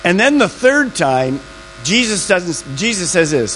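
A pastor preaching with emphatic, drawn-out words and a voice that swoops up and down. A faint electrical hum sits under the recording. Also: male voice, high-pitched, sing-song, a bit bright, low-quality recording. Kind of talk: sermon.

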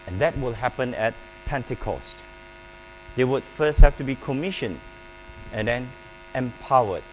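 A man preaching a sermon, emphatic and paced with pauses, calling on the congregation to repeat his words. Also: medium pitch, animated, low-quality recording. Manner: emphatic, with pauses and call-and-response prompts. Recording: faint mains hum.

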